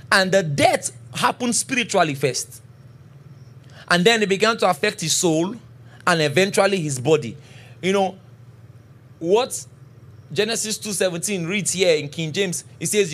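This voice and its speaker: Middle-aged man, pastor preaching, high and very expressive, keeps checking in with the crowd. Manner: preaching with frequent call-and-response checks; reads scripture slowly and deliberately. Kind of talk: sermon.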